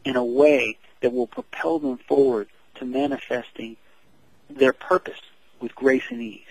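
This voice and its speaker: A man, an author and coach, earnestly telling a personal story in an interview, halting often and restarting his sentences. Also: mid-range voice, fairly even intonation, no echo, low-quality recording.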